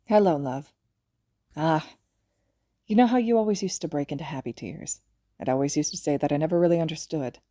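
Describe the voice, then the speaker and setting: A woman voicing a gentle, halting young father. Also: sits low, no echo, clean studio sound. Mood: tender. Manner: soft-spoken, halting, affectionate. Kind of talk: podfic reading.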